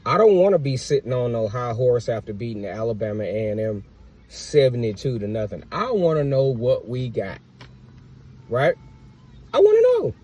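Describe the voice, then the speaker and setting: A man hosts a casual football podcast. He talks in an emphatic, fan-hype way, circling back to the same points and pushing them harder. His voice sits at a mid pitch. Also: animated, normal speed, darkish tone, husky. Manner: emphatic, repetitive fan hype with rising outbursts. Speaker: sports podcast host. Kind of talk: casual sports commentary monologue.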